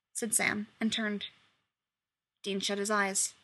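A woman reading a story aloud in a lively, expressive way. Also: mid-range voice, slow pace, long pauses. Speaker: reader.

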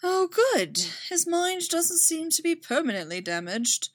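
A woman plays a snarky male mentor, sardonic and wry, lightly teasing. The delivery is unhurried, with plenty of pitch movement, in a close, dry recording. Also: very animated, no room sound.

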